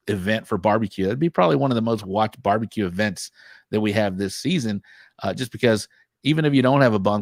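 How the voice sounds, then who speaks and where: Male podcast host, lowish voice, enthusiastic and emphatic, dry close recording. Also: gravelly, dry recording. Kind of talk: casual podcast chat.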